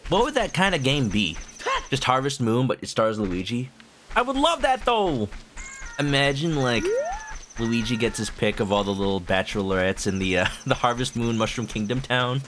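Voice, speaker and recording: A man's voice: medium pitch, expressive, normal speed, background noise. A young man casually commentating a video game stream in a goofy, chatty way. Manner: goofy, chatty, breaks into voices. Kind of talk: casual let's-play commentary. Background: game music.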